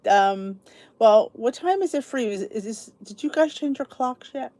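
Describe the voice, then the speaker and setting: Greeting viewers by name as she rambles through a casual live stream, this middle-aged podcast host sounds tired and sleepy. Her slightly high, warm voice swings widely in pitch at a moderate pace, captured on a dry recording.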